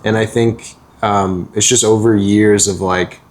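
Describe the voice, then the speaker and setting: A man hosting a storytelling podcast, talking in a thoughtful, unhurried way with short reactions. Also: fairly low pitch, fairly even intonation. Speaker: podcast host. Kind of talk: casual chat.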